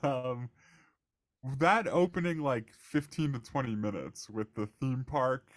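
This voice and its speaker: A man's voice: medium pitch, unhurried, no echo, studio quality. A young man co-hosting a casual movie podcast, laughing often and tossing out playful questions. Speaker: podcast co-host.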